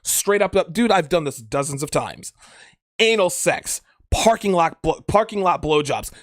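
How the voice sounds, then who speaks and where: Guy ranting crude dating advice, voice goes up and down a lot, bit high, dry sound. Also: lively intonation, unhurried, dry recording. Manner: blunt, profane, emphatic, repeats himself. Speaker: dating advice podcast host. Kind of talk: crude casual monologue.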